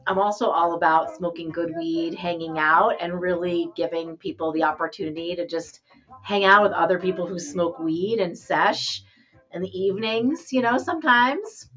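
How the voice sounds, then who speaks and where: A middle-aged woman hosts a casual live stream, chatting in a bubbly way and greeting viewers one by one. Her voice sits somewhat low. The sound is a bit dull and lo-fi, with faint music underneath. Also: fairly bright tone.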